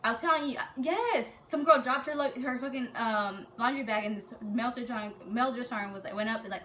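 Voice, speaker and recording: Bright-voiced young woman telling a story. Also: on the high side, fairly quick, few pauses, a little hiss or hum. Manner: animated, profane, acts out quotes. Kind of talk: casual storytelling.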